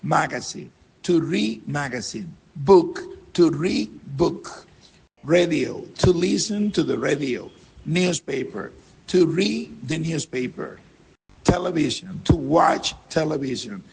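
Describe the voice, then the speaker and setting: A man teaching an English lesson, drilling words and short phrases in a slow, deliberate way with a husky voice. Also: a little high, expressive, in a large hall.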